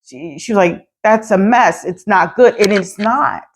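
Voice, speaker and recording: A woman's voice: medium pitch, measured pace, a little hiss or hum. Woman preaching encouragement in a vlog. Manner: preacherly, exhorting, repeats phrases for emphasis. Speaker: vlogger and property manager.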